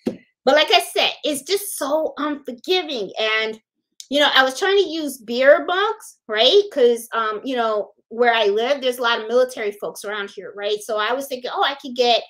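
A woman's voice: fairly high pitch, expressive, moderate pace, fairly bright tone. A woman from Puerto Rico hosting a casual crafting livestream, chatting, thinking aloud and greeting viewers by name. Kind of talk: casual live-stream chat.

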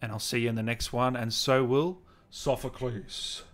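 A man's voice: mid-range voice, fairly even intonation, normal speed, fairly bright tone. A man hosting a gaming livestream interview, chatting casually, reading out viewer comments and laughing often.

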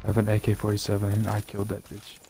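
A man's voice: lowish voice, completely flat delivery, racing, dark tone, soft background music. A man streaming a video game with a friend, chatting casually on a headset, swearing and complaining about how his friend's voice sounds. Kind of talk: casual gaming chat.

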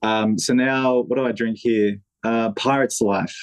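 An Australian man talks loosely and keeps restarting his sentences, laughing often as he goes. His voice sits at an everyday middle pitch. The sound is dry and close, with no room around it. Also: fairly even intonation, measured pace, dry recording, low-quality recording. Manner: rambling, many restarts and fillers, laughs often. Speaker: podcast guest, motorcycle YouTuber. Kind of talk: casual chat.

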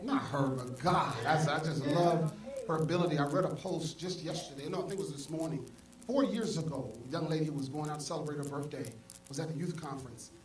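A male pastor preaching a sermon, swinging from soft asides to loud exclamations. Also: on the high side, a little fast, distant mic. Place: church sanctuary. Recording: echoey church hall, mic from afar, congregation audible. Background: congregation.

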